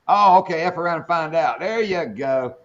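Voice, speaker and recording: A man's voice: fairly high pitch, expressive, normal speed, fairly bright tone, dull audio. A man hosting a casual fishing live stream, joking with chat, swearing freely and telling bar jokes.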